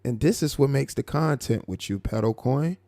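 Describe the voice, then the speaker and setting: A man hosting a live stream, commenting on a clip in a mocking, animated way. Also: mid-range voice, creaky, no room sound, clean studio sound. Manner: mocking, animated, drawn-out asides. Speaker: live show host.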